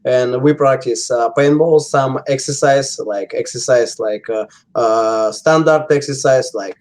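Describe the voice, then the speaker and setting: A man with a Russian accent, a native Russian speaker, answering interview questions in English with many pauses and fillers. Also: mid-range voice, a little mellow. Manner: halting, many fillers and restarts. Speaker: interview guest. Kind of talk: casual interview.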